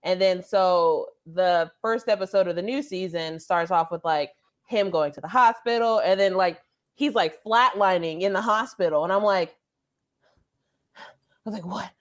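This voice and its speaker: A woman's voice: lowish voice, moderate pace. Woman telling a story, full of "like". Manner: animated storytelling, lots of "like". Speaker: podcast co-host. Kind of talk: casual podcast chat.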